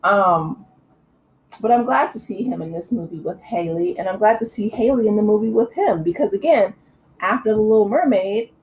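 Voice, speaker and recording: Lady vlogger chatting away, lots of ums and asides, mellow warm tone. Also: medium pitch, normal speed, poor audio. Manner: chatty and opinionated, many fillers and asides. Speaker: channel host. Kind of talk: casual commentary vlog.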